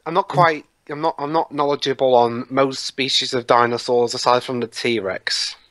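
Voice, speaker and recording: A man's voice: mid-range voice, fairly even intonation, normal speed, a bit bright, no echo. Rambling man in casual movie commentary. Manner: rambling, stops and restarts his sentences.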